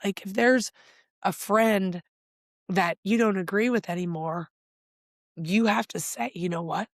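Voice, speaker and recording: A middle-aged woman tells her own story in a podcast interview, candid and animated. She acts out old conversations as she goes, and her voice sits in the middle of the usual range for a woman. The sound is close and dry. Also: medium pitch, slow, no room sound. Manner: animated, acts out past dialogue, gets emotional. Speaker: guest, life coach.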